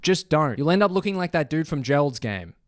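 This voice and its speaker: A man's voice: a little high, sing-song, fairly quick, no room sound, studio quality. A man narrating a commentary video in a wry, incredulous tone.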